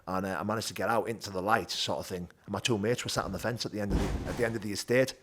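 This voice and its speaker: A man with a Teesside accent telling his rough childhood story as an interview guest, blunt and animated, swearing freely. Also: on the low side, very fast, background noise. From North East England. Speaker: guest, bare knuckle fighter. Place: gym.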